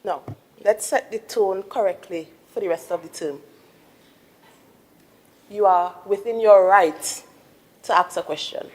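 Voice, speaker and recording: A woman from Tobago, the presiding officer chairing a parliamentary sitting, speaking in a firm, measured, admonishing way. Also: medium pitch, a little mellow. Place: assembly chamber. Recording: long reverb of a chamber.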